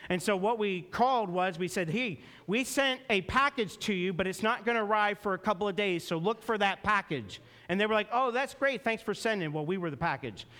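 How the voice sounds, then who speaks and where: A man preaching a sermon as a pastor, earnest and storytelling, slowing down and dropping low for emphasis. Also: sharp tone.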